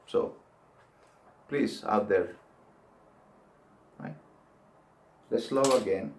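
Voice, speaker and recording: A man's voice: fairly low pitch, extremely slow, long pauses. An older man giving an earnest, pleading monologue that rises into emphatic outbursts. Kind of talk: impassioned monologue to camera.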